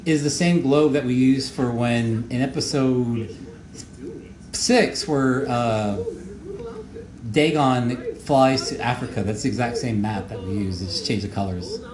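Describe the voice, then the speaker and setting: A man who made the show gives casual audio commentary, rambling and halting with many fillers and repeated words. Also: medium pitch, a crowd in the background. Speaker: show creator giving commentary. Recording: echoey room with faint noise.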